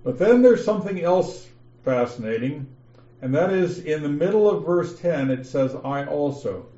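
A man teaching a Bible lesson, slowly reading passages aloud and explaining them step by step. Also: on the high side, animated, dark tone, reverberant, dull audio. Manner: slow, methodical, reads passages aloud with emphasis. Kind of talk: scripture lesson over an online call.

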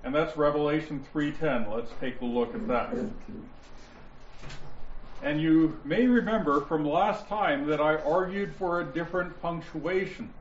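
A man teaching a Bible study class, explaining points deliberately and stressing key words, with listeners answering him. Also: on the high side, slight background noise. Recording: roomy, dull lo-fi sound with faint ambience.

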